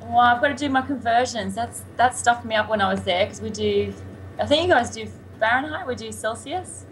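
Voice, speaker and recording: A woman's voice: on the high side, brisk, a bit bright, low-quality recording. Aussie woman on a skype call, bubbly, laughs a lot, bit of line hiss. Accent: Australian. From Sydney, Australia. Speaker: guest, singer-songwriter. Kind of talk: casual interview over Skype.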